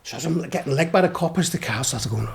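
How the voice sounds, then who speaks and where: A man's voice: a little high, expressive, fast, creaky. A middle-aged man with a Liverpool accent, swearing and laughing his way through rambling stories as a podcast guest. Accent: Liverpool (Scouse). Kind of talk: casual anecdotal chat.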